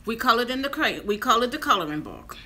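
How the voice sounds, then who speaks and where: A woman's voice: on the high side, big pitch swings, fast, sharp tone. A woman in her fifties telling a personal story to her viewers in a chatty vlog. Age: 50s. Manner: chatty, addresses viewers directly. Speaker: vlogger.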